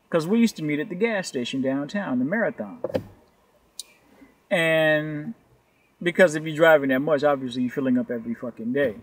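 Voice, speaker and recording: Male gig driver ranting to camera, slightly high-pitched, loose and swearing, wandering from point to point. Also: moderate pace. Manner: loose, profane, rambling. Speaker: rideshare delivery driver. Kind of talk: casual ranting vlog.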